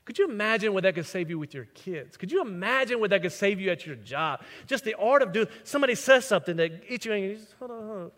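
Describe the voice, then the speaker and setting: A pastor preaches a sermon, blending scripture with stories and acting out quoted voices. His voice is high for a man and a bit bright, with lively intonation, a fast pace, and hardly any pauses. The long reverb of a large hall fills the sound.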